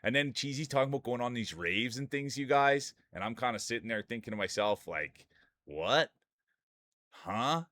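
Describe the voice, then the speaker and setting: A man's voice: mid-range voice, expressive, brisk, few pauses, a bit bright. A man streaming live, commentating marble races and bantering with chat, rambling and laughing often as he jokes.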